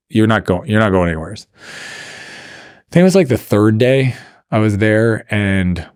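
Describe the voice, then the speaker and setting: A man's voice: sits low, no echo, studio quality. A man from Canada telling a personal story as a podcast guest, conversational and full of filler "like"s. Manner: conversational, many filler "like"s, trails off and restarts. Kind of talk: storytelling in a casual interview.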